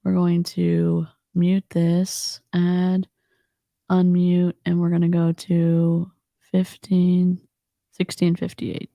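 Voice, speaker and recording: A woman's voice: fairly low pitch, completely flat delivery, takes it slowly, creaky, warm tone, no room sound, clean studio sound. A woman co-hosting a casual livestream, commenting with exasperated, mocking asides. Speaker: livestream co-host.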